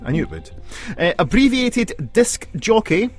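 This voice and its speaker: A man's voice: high voice, a little slow, faint music behind. A man presenting a hospital radio show in a casual, playful chat. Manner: lively and playful.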